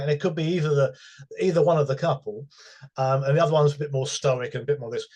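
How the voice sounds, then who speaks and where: A man's voice: medium pitch, quick pace, a little mellow. A man who works with dog owners, chatting casually and telling amused anecdotes with laughter. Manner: storytelling, amused, laughs at his own anecdotes. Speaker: dog behaviour professional. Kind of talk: casual conversational chat.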